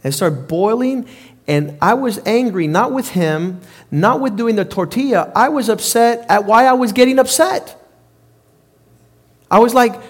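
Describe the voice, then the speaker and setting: A man delivers a sermon with a notably high voice. His delivery is emphatic and repetitive, hammering points home the way a preacher does. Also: lively intonation, a little slow.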